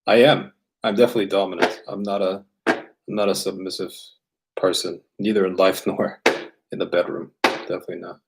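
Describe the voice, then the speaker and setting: A man's voice: deep voice, little pitch movement, fairly quick, creaky, noisy background. A man raised bilingual, hosting a casual livestream and answering viewer questions in a loose, rambling way full of fillers and restarts.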